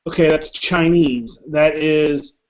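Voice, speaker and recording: Blunt male chatter with a slightly high voice, muffled lo-fi voice chat. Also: steady tone, slow, a little mellow. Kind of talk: casual chat.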